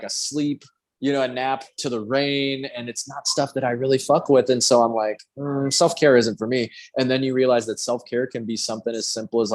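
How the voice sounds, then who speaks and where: Candid swearing male tattoo artist host. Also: medium pitch. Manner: candid, swears freely, acts out quoted remarks. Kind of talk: casual chat.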